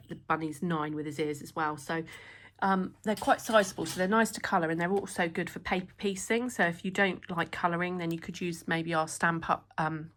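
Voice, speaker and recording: Woman, slightly hoarse, lowish voice, chatty product demo, fillers. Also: fairly bright tone, slight background noise. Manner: chatty, enthusiastic, many fillers. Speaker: stamp designer presenting new products.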